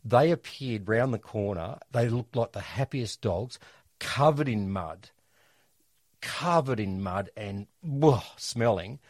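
Lively Australian man telling stories. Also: fairly low pitch, slow, no room sound, studio quality. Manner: animated, jokey storyteller. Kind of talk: casual storytelling chat.

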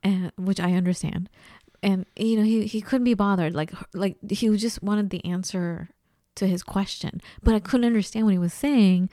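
A woman's voice: medium pitch, fairly even intonation, normal speed, warm tone, dry recording, clean studio sound. A woman from Los Angeles with a Los Angeles accent, telling stories in a rambling, casual chat full of likes and restarts. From Los Angeles, California. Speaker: podcast co-host.

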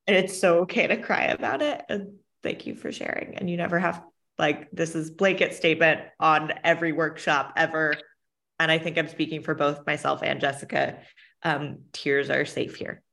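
A woman's voice: low-pitched, fairly even intonation, moderate pace, creaky, fairly bright tone. A woman leading a writing workshop, speaking in an encouraging, reassuring way over a video call. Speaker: workshop facilitator. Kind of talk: casual group coaching.

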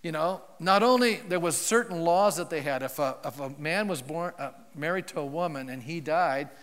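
This is a male pastor giving a church sermon, loosely telling a Bible story and posing questions to those gathered. The voice is fairly high and fairly bright. A large hall's long reverb colors the recording.

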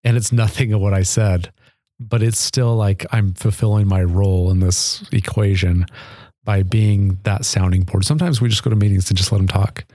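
A man's voice: lowish voice, steady tone, moderate pace, dark tone, dry recording, clean studio sound. A man, a podcast guest, telling personal stories in an earnest, chatty way with frequent laughs. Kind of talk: casual storytelling.

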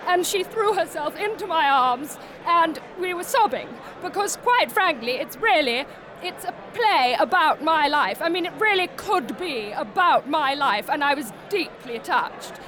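Actress as effusive critic, high voice, noisy bar behind. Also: female voice, lively intonation, a little slow. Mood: gushing. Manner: theatrical, name-dropping, effusive. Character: gushing posh female theatre critic. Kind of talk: comic radio report. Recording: busy bar crowd and noise. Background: crowd chatter.

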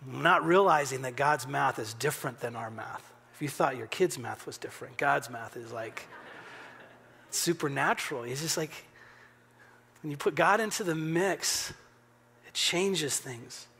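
A man preaching a sermon as pastor, earnest, rising to urgent emphasis and dropping to a hushed near-whisper. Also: medium pitch, measured pace. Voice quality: gravelly, husky. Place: church sanctuary.

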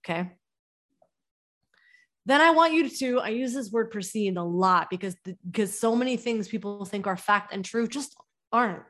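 A young adult woman with a mid-range voice at normal speed hosts a teaching podcast for business owners. She coaches energetically, firing off rhetorical questions.

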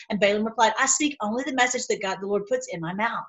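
A woman's voice: fairly high pitch, fast talker, few pauses, a bit bright, rough recording. A woman reading Bible passages aloud and breaking off into fervent, rambling commentary. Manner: fervent, rambling asides, says y'all. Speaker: online Bible teacher.

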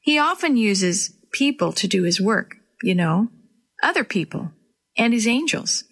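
Hurt old grandpa, slow and weary, read by a woman. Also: medium pitch, sing-song, a bit bright, full character voice. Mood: weak. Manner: slow, weak speech. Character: injured old grandfather, weak and tired.

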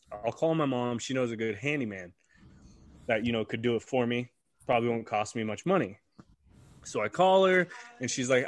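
A young man tells a story in a casual, animated way, swearing freely and acting out what people said. His voice sits at a middle pitch. The sound is dry and close. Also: no echo. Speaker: podcast co-host.

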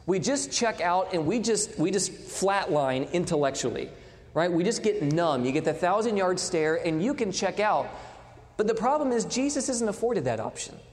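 A man preaching with a lively, rising and falling voice. He swings from loud declarations to hushed, near-quiet lines. His words ring out with a long hall reverb. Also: high-pitched, moderate pace. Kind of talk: sermon.

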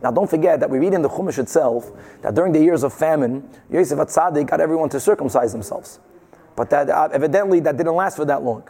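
High-voiced man teaching a Talmud class. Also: fast talker, creaky. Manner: animated, rhetorical questioning, mixing Hebrew and Yiddish terms. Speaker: Torah teacher. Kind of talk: Talmud class, explaining Gemara.

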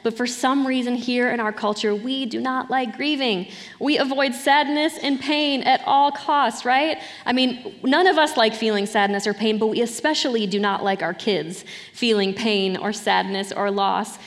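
A woman's voice: fairly high pitch, fairly even intonation, normal speed. A woman preaching a sermon in a conversational way, often checking in with her listeners. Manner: conversational, often asks "right?". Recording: hall reverb.

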